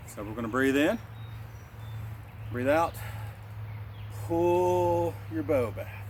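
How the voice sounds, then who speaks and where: A man teaching a guided qigong lesson as a martial arts instructor, calmly cueing breaths and movements. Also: medium pitch, gravelly, a little hiss or hum. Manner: calm, cueing breaths and moves.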